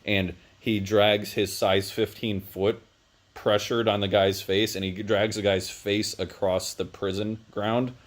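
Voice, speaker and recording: A man's voice: lowish voice, little pitch movement, unhurried. A man giving a casual movie review, rambling through the plot with lots of "uh" and "um". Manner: rambling plot retelling with many fillers.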